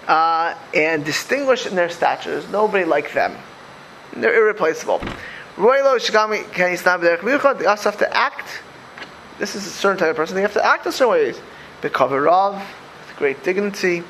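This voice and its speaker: A man teaching a Torah class, animated, with many restarts and repeated words. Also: high-pitched, normal speed, a little hiss or hum, rough recording. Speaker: religious teacher.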